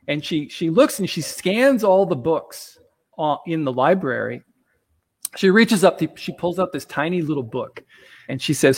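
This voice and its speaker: A man's voice: fairly high pitch, animated, normal speed. A man casually telling a personal story as a guest, rambling, with plenty of fillers and chuckles.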